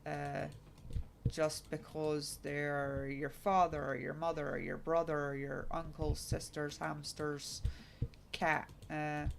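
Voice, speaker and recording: Low gravelly woman streamer chatting. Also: slow pace, music in the background. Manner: rambling, frank, lots of fillers. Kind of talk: casual chat while gaming. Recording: noisy, keyboard clicks behind.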